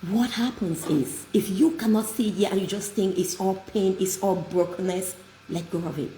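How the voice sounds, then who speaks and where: Woman giving an uplifting talk, emphatic and heartfelt, dark tone, roomy echo. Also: mid-range voice, moderate pace. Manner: warm, emphatic storytelling. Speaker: host. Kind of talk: inspirational talk. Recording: echoey room with light noise.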